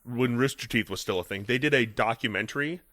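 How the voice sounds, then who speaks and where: A man co-hosting a casual podcast chat, an animated storyteller who acts out comedy sketches in high squeaky voices. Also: a little fast, no room sound. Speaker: podcast co-host.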